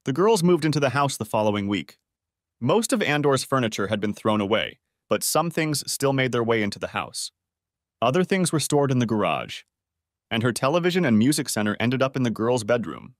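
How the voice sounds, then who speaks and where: A man narrating a first-person story in an expressive reading voice. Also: mid-range voice, brisk, no echo, studio quality.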